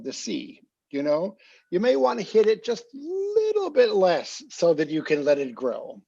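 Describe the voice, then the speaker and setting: A man gives feedback to an opera singer in a master class. His voice is husky and a little high, and he talks in a chatty way with fillers, breaking into short sung phrases. The recording sounds dull and lo-fi. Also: very animated, measured pace. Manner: chatty, sings phrases to demonstrate, many fillers.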